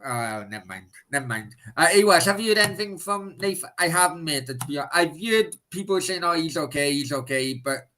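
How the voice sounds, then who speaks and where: A man's voice: high-pitched, animated, fairly quick, hardly any pauses, pushed and bright, rough recording. A man hosting a live stream, answering viewer questions in blunt, casual chat and swearing freely.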